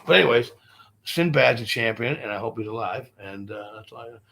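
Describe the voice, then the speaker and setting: Brief: male comic, rapid-fire, gravelly, swears freely while spinning long stories. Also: mid-range voice. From Boston. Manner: profane, animated, rambling anecdotes. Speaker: stand-up comedian guest. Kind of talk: casual storytelling interview.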